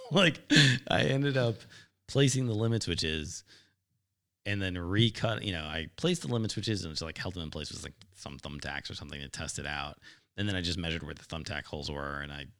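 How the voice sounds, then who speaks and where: Low, gravelly man telling a shop story. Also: normal speed, a bit bright. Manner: laughing, rambling storyteller with many fillers. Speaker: podcast co-host. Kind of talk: casual workshop chat.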